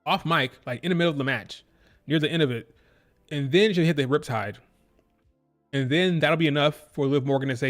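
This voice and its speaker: Male stream host, fairly high voice, animated and opinionated, hammers each point home by repeating it. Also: a little fast, pauses often, faint music behind. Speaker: wrestling show reviewer. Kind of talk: live-stream commentary.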